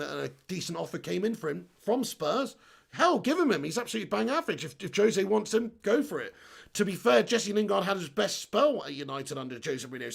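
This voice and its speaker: A man hosts a live stream, reading out viewer comments and ranting with animated energy and frequent laughter. His voice is strongly gravelly and sits fairly high for a man. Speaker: host of a football fan channel.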